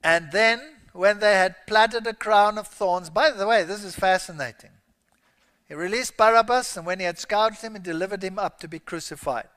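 A high-voiced man preaches with a bright, ringing edge. He reads scripture emphatically and lifts into loud exclamations. His voice carries a long reverb from a large hall. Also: normal speed. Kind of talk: sermon.

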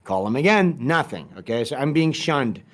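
A man's voice: mid-range voice, sing-song, normal speed. A man telling a story as a podcast guest, casual, profane and rambling, with many restarts.

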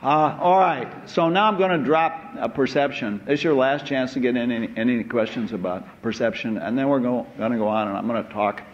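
A man giving a university lecture in a hall, unhurried and full of "uh" hesitations and asides. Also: medium pitch. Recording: dull lo-fi lecture recording with faint noise.

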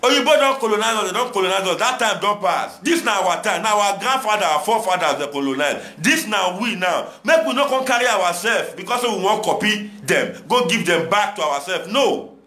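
A man's voice: sits high, expressive, fairly quick, bright, forceful tone, echoey room. A young Nigerian man speaking Nigerian Pidgin English, exhorting his listeners in a passionate, repetitive monologue. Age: young adult. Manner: preachy, exhorting, repetitive rhetoric. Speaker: commentator addressing viewers. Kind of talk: impassioned monologue.

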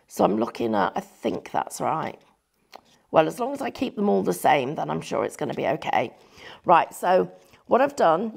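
Gravelly, husky woman demonstrating crafts. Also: fairly low pitch, a little mellow. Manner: chatty, self-deprecating, thinks aloud while working.

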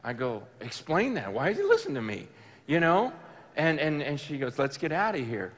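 Male preacher with a high voice, telling a story from the pulpit, animated and emphatic. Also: moderate pace, in a large hall, slight background noise. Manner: animated, emphatic, with bursts of loud excitement. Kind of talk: storytelling sermon. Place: large room with an audience.

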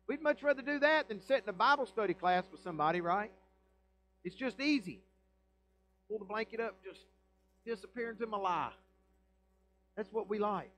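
A man, a pastor preaching a sermon in a church with emphatic rhetorical questions and swings between loud and quiet. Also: fairly high pitch, slight background noise, poor audio. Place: church sanctuary.

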